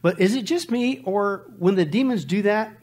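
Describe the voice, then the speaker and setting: A male Bible teacher giving animated, sarcastic and emphatic preaching commentary, mixing jokes with scripture. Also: high voice, normal speed.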